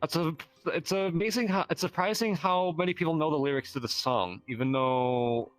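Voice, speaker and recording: A man narrating as game master, halting with many fillers and laughs. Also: fairly high pitch, no echo, faint music behind. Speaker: dungeon master.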